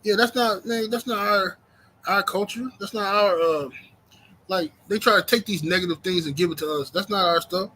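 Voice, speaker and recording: A man in rants on his livestream, circling back over his points and answering chat as he goes. His voice sits high and sounds bright and edgy. A faint hiss runs underneath. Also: moderate pace, poor audio. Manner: ranting, repeats himself, reads chat aloud. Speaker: YouTube livestream host. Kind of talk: casual livestream rant.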